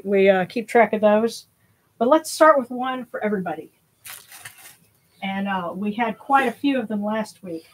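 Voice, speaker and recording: A woman hosts a spiritual livestream in casual, rambling chat, a little out of breath. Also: on the high side. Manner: rambling, with many fillers and restarts.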